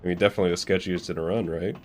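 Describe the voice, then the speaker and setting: A man's voice: deep voice, fairly even intonation, racing, slight background noise. A young man streaming a speedrun, talking casually over his gameplay, swearing and laughing at his own mistakes. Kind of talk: casual live gameplay commentary.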